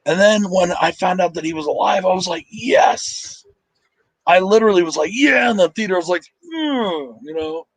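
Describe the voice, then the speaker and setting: A man's voice: high-pitched, fast, hardly any pauses, no echo, poor audio. A man hosting a casual live movie commentary, tired and sleepy, talking in a rambling, emotional and profane way with lots of fillers.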